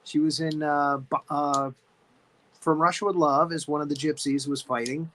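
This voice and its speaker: A man's voice: on the high side, steady tone, normal speed, a bit bright, a little hiss or hum. A man from Florida co-hosting a casual movie chat, chatty and full of film trivia. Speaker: podcast co-host.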